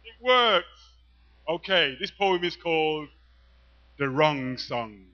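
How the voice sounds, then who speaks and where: Playful performance poet, bright voice. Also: male voice, on the high side, expressive, slow. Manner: playful, teasing, rhythmic recital. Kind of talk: live spoken-word performance with audience call-and-response. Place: live venue in front of an audience. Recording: dull, muffled live recording.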